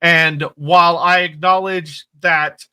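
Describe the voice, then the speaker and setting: Enthusiastic podcast guy breaking down lore, bright sharp voice, swears casually. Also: fairly high pitch, steady tone, takes it slowly, smooth. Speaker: podcast co-host.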